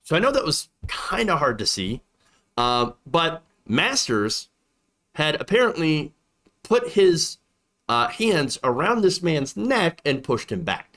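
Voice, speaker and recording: A man's voice: a little high, sing-song, slow pace, fairly bright tone. A man hosting a political commentary show, talking emphatically and repeating points for effect.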